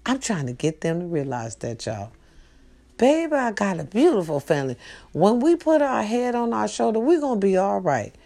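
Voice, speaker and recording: A woman hosting a casual monologue for a live stream, talking straight to her viewers with loud outbursts and hushed asides. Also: mid-range voice, very animated, moderate pace, creaky. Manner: tag questions, talks straight to her viewers. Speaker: host.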